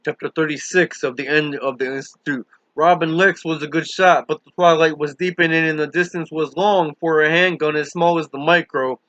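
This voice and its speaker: A man narrates a thriller in a steady, earnest audiobook reading. His voice sits fairly high and sounds bright and forceful. The recording is dull and lo-fi with no room echo. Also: moderate pace, hardly any pauses. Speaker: audiobook reader.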